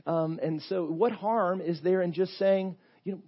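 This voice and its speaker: A man's voice: high-pitched, steady tone, unhurried, muffled recording, voice pushed up. A male pastor voicing a reluctant Roman sheriff who casually pleads with a prisoner to give in. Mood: coaxing.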